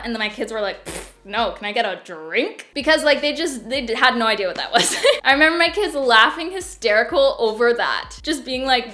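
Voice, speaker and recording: A woman's voice: fairly high pitch, sharp tone. A young adult woman, a parenting vlogger, talking casually to camera in an upbeat, chatty way, laughing often but firm when she makes a point.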